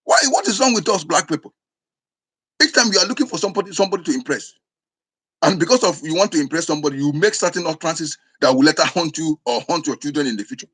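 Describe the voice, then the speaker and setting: A man from Igbo land with an Igbo Nigerian accent, giving a forceful, emphatic monologue full of repetition. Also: a little high, fast, slightly rough. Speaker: speaker. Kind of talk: impassioned monologue.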